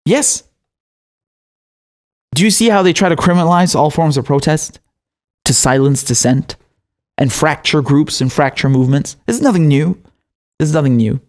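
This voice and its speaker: A man's voice: a little high, normal speed, long pauses, darkish tone. A young man hosting political commentary, indignant and profane, often laughing.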